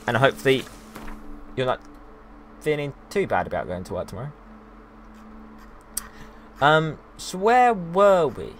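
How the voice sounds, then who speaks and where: A man's voice: medium pitch, sing-song, unhurried, pauses often, a little hiss or hum. Young uk guy streaming a game, rambly, lots of ums, voice jumps around. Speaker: gaming streamer. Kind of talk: casual let's-play commentary.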